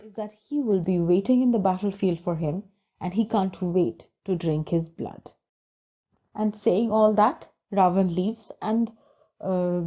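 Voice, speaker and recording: A woman's voice: medium pitch, warm tone. A woman retelling a story from a book in a casual, conversational way, with occasional fillers.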